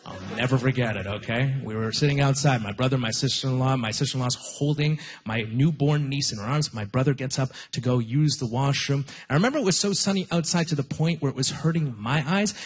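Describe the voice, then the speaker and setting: A man's voice: medium pitch, a little fast, hardly any pauses, breathy edge. A young man doing a stand-up comedy set, talking in a conversational, self-deprecating way with punchy timing, on a club stage into a handheld mic.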